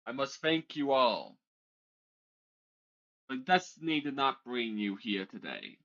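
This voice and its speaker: A man's voice: mid-range voice, sing-song, takes it slowly, creaky, bright, forceful tone, lo-fi sound, full character voice. A man playing a solemn ancient dragon lady.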